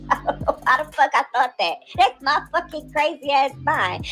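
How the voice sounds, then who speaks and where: A young woman vlogging in a high, bright voice that swoops up and down. She tells her stories in loose, profane casual chat and keeps breaking into laughs. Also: moderate pace, soft background music. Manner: animated, profane storytelling, laughs often.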